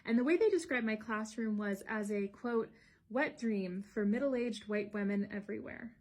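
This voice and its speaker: A woman's voice: fairly high pitch, normal speed, darkish tone. Wry woman teacher telling classroom stories. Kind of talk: casual storytelling to camera.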